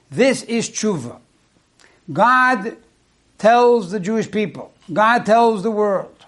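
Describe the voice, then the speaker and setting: A man giving a sermon as a rabbi, teaching in a measured way and posing rhetorical questions to his listeners. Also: sits high, fairly bright tone.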